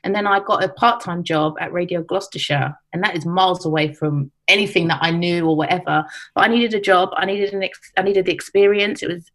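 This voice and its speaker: A woman's voice: on the low side, steady tone, brisk, hardly any pauses, a bit bright. A woman in her forties, a radio producer, chatting in an interview and repeating her key points with emphasis. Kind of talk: casual interview chat.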